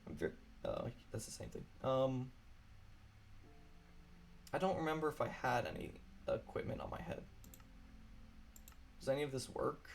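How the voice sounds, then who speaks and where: A man's voice: medium pitch, sing-song, measured pace, gravelly, pauses often, a little hiss or hum. A man chatting casually while streaming a game alone at his computer, apologetic and rambling.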